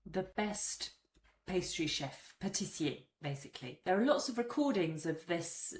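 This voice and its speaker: A woman teaching a French grammar lesson, patiently repeating each example slowly. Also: fairly low pitch, expressive, a little hiss or hum. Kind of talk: explanatory language lesson. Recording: roomy echo.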